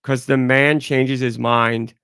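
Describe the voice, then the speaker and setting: A man's voice: mid-range voice, flat delivery, slow pace, a bit bright, smooth, no room sound, clean studio sound. A man hosting a podcast alone, congested and talking in a rambling, candid way. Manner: rambling, candid, talks through it. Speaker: podcast host. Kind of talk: casual solo podcast talk.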